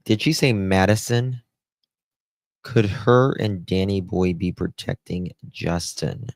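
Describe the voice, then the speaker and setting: A man's voice: low voice, fairly even intonation, slow pace, creaky, darkish tone, no echo. A man hosting a live true-crime stream, chatty and exclamatory, thinking aloud as he goes.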